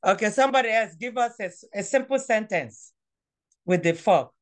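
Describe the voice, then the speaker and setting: A woman teaching a language class over a phone, patient and coaxing, repeating words slowly. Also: medium pitch, lively intonation.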